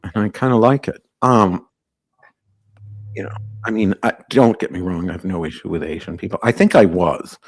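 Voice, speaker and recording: Low-voiced guy hosting a live call-in podcast, brash, rambly, cracking jokes. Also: normal speed, husky. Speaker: podcast host.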